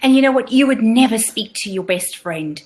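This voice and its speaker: A woman's voice: a little high, animated, brisk, a little mellow. A middle-aged woman coaching in an interview, emphatic and repeating her points for stress. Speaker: guest business coach. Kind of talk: casual interview advice.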